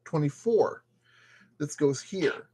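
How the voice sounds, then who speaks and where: A man's voice: on the high side, animated, takes it slowly, mellow, slightly rough. A man building a model kit and commenting casually as he works, playfully talking to the parts. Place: at a work table.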